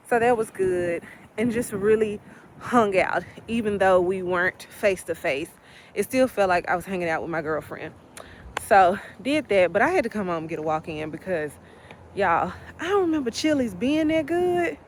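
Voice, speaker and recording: A woman's voice: mid-range voice, animated, moderate pace, a little hiss or hum. A woman, chatting casually to her viewers in a vlog, playful and full of slang. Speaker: vlogger. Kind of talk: casual vlog chat to camera.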